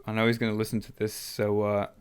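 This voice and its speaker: A man's voice: lowish voice, monotone, fast, clean tone. A young man chatting as a podcast guest in a laid-back, easygoing way. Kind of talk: casual podcast chat.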